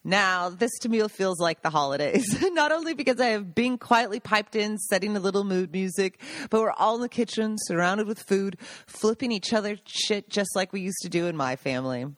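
A woman's voice: mid-range voice, expressive, normal speed, no echo. Woman reading her own memoir aloud. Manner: breaks off the reading for emotional asides, laughing and choked up.

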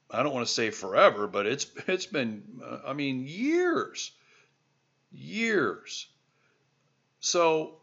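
A man's voice: medium pitch, a bit bright, highs cut off. A man from the American heartland hosting a podcast, talking listeners through a monologue in an emphatic, exhorting way with lots of repeated rhetorical questions. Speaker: podcast host.

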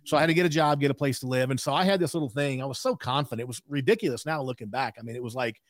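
A man's voice: mid-range voice, racing, no room sound, clean studio sound. A man in his sixties, a podcast guest telling a candid story in an emphatic way with frequent asides.

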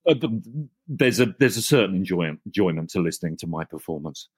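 A man, a guest actor, telling animated stories in a casual interview and often restarting his sentences. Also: deep voice, brisk, slightly rough, no room sound. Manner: animated anecdotes with frequent restarts.

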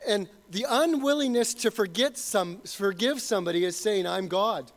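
A middle-aged male pastor with a fairly high voice delivers a sermon. He is earnest, letting some phrases fall soft and low and pressing others with rising force. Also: moderate pace. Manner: earnest, swings between quiet and emphatic.

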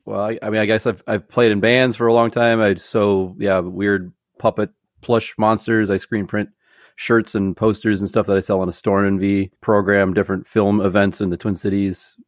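Man, podcast guest, hesitant rambling chat, fairly low pitch, dry. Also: level tone, normal speed, no echo. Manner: hesitant, rambling, lots of "like" and restarts. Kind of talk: casual chat.

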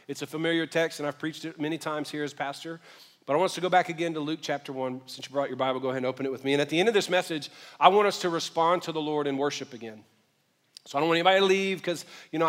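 A man preaching as a pastor in a church sanctuary, his fairly high voice trailing a long echo. He talks in a loose, joking way, swinging between soft asides and loud bursts of emphasis. He slows down when he reads scripture aloud. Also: fairly even intonation. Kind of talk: sermon. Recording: long reverb of a large hall.

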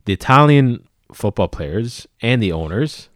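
A man co-hosting a football podcast, explaining events in a halting, casual way with frequent fillers. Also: mid-range voice, expressive, a bit bright, no room sound, studio quality.

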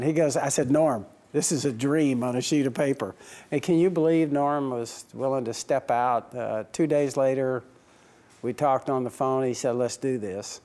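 A man's voice: mid-range voice, moderate pace, a little mellow. Man, team owner type, anecdotal storyteller who laughs through his answers and voices both sides of old conversations. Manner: chuckling anecdotal storyteller, acts out dialogue.

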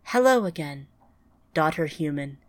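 A woman's voice: deep voice, animated, measured pace, dry recording. A woman voicing a solemn ancient machine sea spirit. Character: ancient sorrowful machine-swarm sea entity, female.

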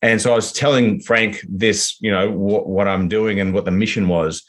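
A man's voice: on the low side, steady tone, moderate pace. A man with an Australian accent, an actor talking casually in an interview, with plenty of fillers and restarts. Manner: rambling, lots of fillers and restarts. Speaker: actor guest.

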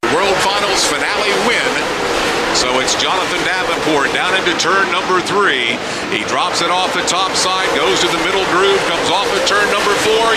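High-voiced man calling a race finish. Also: lively intonation, normal speed. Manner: builds up the winner, stretching the name. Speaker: race track announcer. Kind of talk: live race commentary over the PA. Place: outdoor racetrack. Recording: loud track noise behind the voice.

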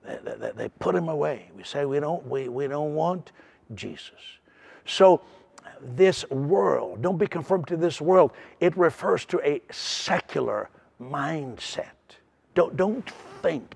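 Guy preaching, earnest, keeps restarting his words, kinda gravelly and highish. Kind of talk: sermon.

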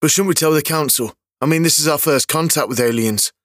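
A man plays a nervous woman scientist for an audio story, hesitant and unsure. He lifts his voice well above his usual pitch, and the sound stays dry and close. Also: fairly quick, a bit bright, dry recording, lightly acted. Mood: anxious. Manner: hesitant, stammering. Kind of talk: audiobook character voice.

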